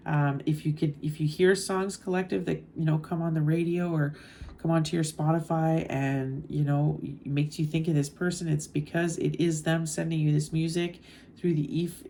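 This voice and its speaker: A woman doing a channeled tarot reading in a low, warm voice. She talks slowly and thoughtfully, pausing on soft fillers. A faint hiss sits under the recording. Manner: slow, musing, with soft fillers. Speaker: tarot reader.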